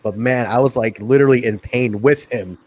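A man co-hosting a casual wrestling review podcast, profane and quick to laugh. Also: medium pitch, a little hiss or hum. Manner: profane, animated, laughs often. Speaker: podcast co-host.

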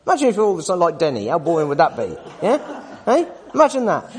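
A man's voice: high-pitched, very animated, quick pace. A man in his forties teaching a Bible study in sermon style, emphatic and often tossing tag questions at his listeners. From United Kingdom. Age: 40s. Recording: long reverb of a hall.

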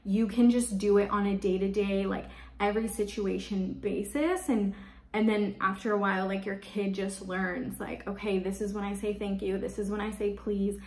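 A woman's voice: medium pitch, fairly even intonation, moderate pace. A woman giving parenting tips to the camera in casual, chatty speech, often filling with "like". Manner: chatty, leans on "like" as a filler. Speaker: parenting vlogger. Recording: echoey room.

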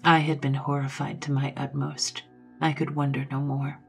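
A woman narrating a ghost story in a dramatic, scripted way, dropping to a hushed whisper at times. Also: extremely low pitch, little pitch movement, moderate pace, faint music behind.

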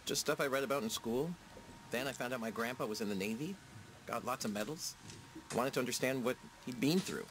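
A man's voice: mid-range voice, brisk, a bit bright, slight background noise, lightly acted, rough recording. A man playing a dry, wry young man in a game. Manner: dry, sardonic.

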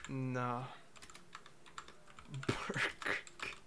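A male streamer chatting offhand with an AI bot, mumbling and halting, with a teasing tone. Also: mid-range voice, completely flat delivery, sharp tone. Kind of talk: casual live-stream chat with an AI bot. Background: faint keyboard typing.

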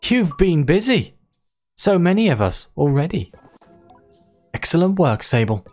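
A game player voicing a gentle, motherly giant female creature queen from a video game, reading her lines with a cooing, doting manner. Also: mid-range voice, sing-song, unhurried, soft background music, voice pushed up. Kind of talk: reading game dialogue aloud.

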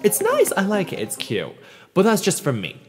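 A man hosting a let's play, commenting in a sweary, animated way. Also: high voice, moderate pace. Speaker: gaming channel host. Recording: roomy reverb with game music behind.

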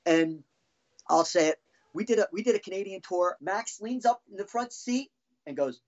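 A middle-aged man who used to drum in a band tells heated, profane stories as a podcast guest in casual storytelling. His voice sits high, he talks at normal speed, and the audio is dull.

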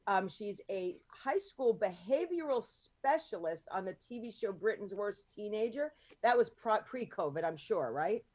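A woman hosting a podcast panel in casual chat, talking freely with lots of ums and quick asides. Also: medium pitch, lively intonation, a little mellow. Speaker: podcast host and producer.

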